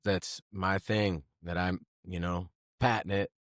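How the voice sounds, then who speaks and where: A man from California hosting a podcast, talking in a halting, reflective way. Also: low-pitched, steady tone, fairly bright tone, no room sound, studio quality. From Grass Valley, California. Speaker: podcast host. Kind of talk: casual podcast chat.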